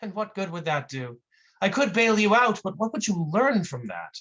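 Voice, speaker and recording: Someone playing a preachy know-it-all, slow and patronizing, lively bright tone. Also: mid-range voice, highs cut off, voice pushed up. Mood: condescending. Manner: slow, condescending, lecturing. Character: smug preachy self-help bystander. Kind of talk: comic performance piece.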